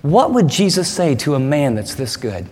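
A man's voice: fairly high pitch, big pitch swings, moderate pace, darkish tone. A male pastor preaching a sermon in an emphatic, conversational way, often posing rhetorical questions, recorded with the long reverb of a large hall.

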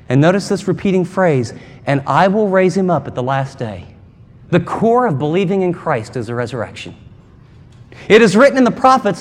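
High-voiced preaching man in a reverberant hall. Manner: emphatic, conversational preaching with dramatic asides. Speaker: pastor. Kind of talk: sermon.

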